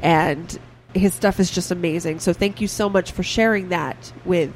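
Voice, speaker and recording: A woman's voice: on the low side, normal speed, darkish tone, faint music behind, rough recording. A woman co-hosting a podcast in casual chat, gushing and enthusiastic, filling with "like.". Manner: gushing, enthusiastic, says like a lot. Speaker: podcast co-host.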